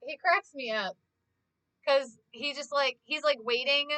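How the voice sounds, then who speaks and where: A young woman livestreamer chatting casually with her viewers, gushing and fast, with lots of "like". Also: high voice, bright, forceful tone, no room sound. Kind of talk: casual chat to stream viewers.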